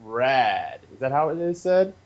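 A man hosting a casual podcast. He talks in a playful, rambling way, with big swoops in pitch. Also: animated, normal speed, muffled recording. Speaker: podcast host.

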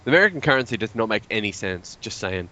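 A man's voice: on the low side, sing-song, quick pace, sharp tone. A man co-hosting a casual podcast. His talk is wry and teasing, and he laughs easily. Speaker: podcast co-host.

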